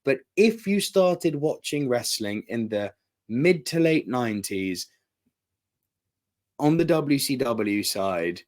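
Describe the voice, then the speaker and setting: Excitable man reviewing wrestling. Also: takes it slowly. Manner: excitable, bursts into laughter and high exclamations. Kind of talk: enthusiastic review monologue.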